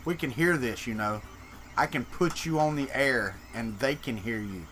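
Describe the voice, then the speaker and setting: A Southern-accented man from Florida in the Deep South hosts a casual live stream, joking with viewers and reading and answering their chat. His voice is medium-pitched and a bit bright, with normal speed and a little hiss or hum in the background.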